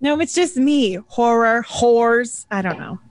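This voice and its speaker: A woman's voice: fairly high pitch, lively intonation, unhurried. A woman guest in a casual chat, blurting out silly guesses and jokes. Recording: noisy background with clicks.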